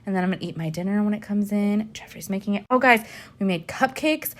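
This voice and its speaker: A woman's voice: mid-range voice, fast. A woman vlogger chatting casually to her viewers, rambling with lots of fillers and laughs. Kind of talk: casual chat.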